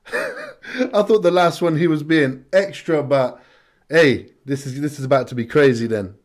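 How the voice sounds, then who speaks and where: A man talks through his reactions to a song in loose, slangy chat, breaking into excited whoops. His voice sits slightly higher than most men's. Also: a little slow. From United Kingdom. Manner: excitable, slangy, bursts of hype. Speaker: music reaction host. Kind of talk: casual reaction commentary.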